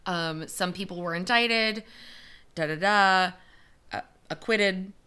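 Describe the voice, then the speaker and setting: A young woman's smooth, low-leaning voice carries a sharp tone as she speaks slowly. Co-hosting a podcast, she casually relates a disaster story, chatting away with many fillers and an occasional curse.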